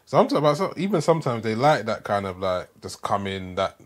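British male voice artist, low-pitched, relaxed conversational guest. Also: brisk. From Britain. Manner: relaxed, agreeable, lots of "yeah". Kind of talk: casual podcast chat.

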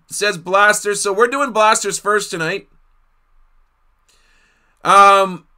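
Man from Canada, card break host, chatty, unhurried, slightly high voice. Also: bright, forceful tone. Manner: chatty, laughs often, thinks aloud with fillers. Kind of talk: live card-break commentary.

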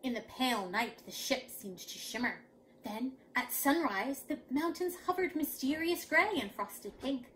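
Animated woman reading to children. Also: high-pitched, a little slow, slight background noise. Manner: animated, dramatic. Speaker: children's storyteller. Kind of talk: reading a picture book aloud to children.

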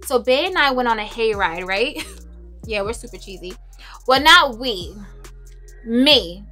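A young woman chatting casually to camera about her favorite fragrances, expressive and laughing often. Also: a little high, a little slow, soft background music. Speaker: beauty and fragrance vlogger.

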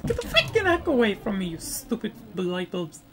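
A woman hosting a retro gaming video, reacting loudly to the game with laughs, gasps and exclamations. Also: mid-range voice, wildly swooping pitch, normal speed, heavy background noise. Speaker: gaming channel host. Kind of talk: excited let's-play commentary. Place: home, playing retro computer game. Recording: game music loud behind.

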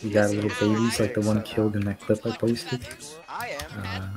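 A man's voice: fairly low pitch, fairly even intonation, normal speed. A man streaming an online war game, chatting casually with teammates and swearing now and then. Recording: stream with loud game music.

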